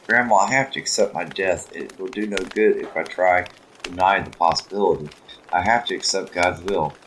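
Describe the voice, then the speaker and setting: A man reading the lines of a frightened young woman resigned to dying, in a soft, earnest way. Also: sits low, moderate pace, slight background noise.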